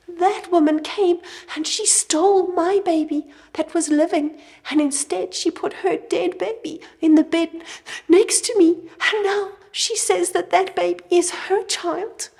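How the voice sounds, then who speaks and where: A woman's voice: very high-pitched, a little mellow, pitched above the performer's own voice. A woman voicing a distraught young mother who sobs and begs for help in a Bible story for children. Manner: tearful, begging.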